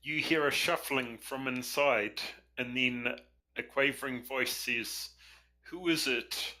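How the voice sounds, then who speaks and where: Bright-voiced man running a tabletop game. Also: medium pitch, steady tone, slow pace, poor audio. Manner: easygoing, laughs often, some filler words. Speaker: game master.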